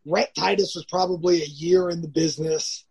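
A man's voice: fairly high pitch, steady tone, a little fast, darkish tone, husky. A man, a professional wrestler as a guest, telling stories casually. He rambles, restarts often and acts out the lines of others. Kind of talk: casual storytelling.

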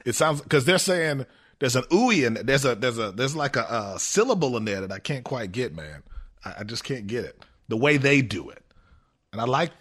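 A man's voice: mid-range voice, lively intonation, moderate pace, fairly bright tone, husky. A man from the American Midwest co-hosting a sports radio show, joking about himself in casual banter. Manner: self-deprecating, laughing it off.

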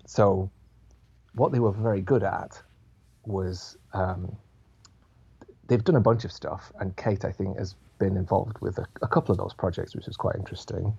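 Man guest explaining stuff slowly, gravelly husky voice, dull lo-fi audio. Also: low-pitched, steady tone, warm tone. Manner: thoughtful, explanatory, with hesitations. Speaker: podcast guest. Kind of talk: casual chat.

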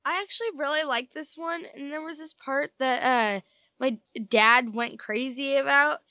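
A young woman with a high, bright voice chats casually and leans on "like" as she tells a story. The recording is close and dry. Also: steady tone, moderate pace, no room sound. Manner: chatty, retelling with "like". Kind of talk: casual discussion.

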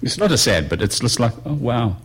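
A man preaching a sermon in a conversational way, moving between quiet musing and raised emphasis. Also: mid-range voice, sing-song, quick pace, breathy edge. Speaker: pastor.

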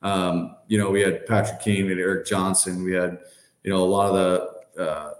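A man in his thirties, guesting on a podcast, rambles through casual stories packed with "like" and "you know." His voice sits low, with a level tone and normal pace, and the recording sounds roomy and echoey.

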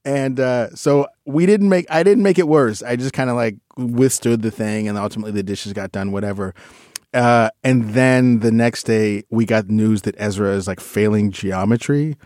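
A man co-hosting a podcast talks casually, rambling and correcting himself as he goes. His voice is on the low side and a little mellow, at normal speed, recorded with clean studio sound and no echo.

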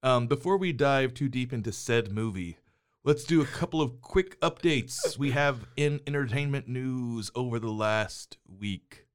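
On a movie podcast he co-hosts with his son, a middle-aged man talks casually about films and TV, laughing often and being teasing and bossy. His mid-range voice is clean and measured in pace, picked up by a studio mic, with headphones on.

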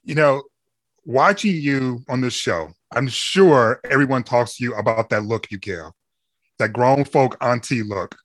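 A man's voice: medium pitch, measured pace, no echo. A man interviewing a guest with playful, teasing questions. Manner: playful, laughs along with the guest.

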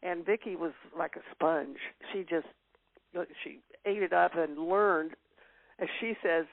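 A woman's voice: fairly low pitch, unhurried, no echo. An older woman as an interview guest, reminiscing in casual chat with frequent fillers and laughs. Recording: tinny phone-line sound.

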